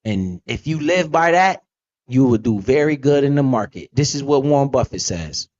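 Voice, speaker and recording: A man's voice: medium pitch, animated, moderate pace, a little mellow, highs cut off. A man hosting a casual, profane talk about investing, blunt and emphatic with lots of slang. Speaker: podcast host.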